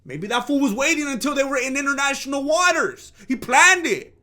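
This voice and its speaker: A man's voice: very high voice, expressive, a little fast, bright, forceful tone. A man hosting a comedic commentary rant, sarcastic and mock-outraged. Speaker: commentary channel host.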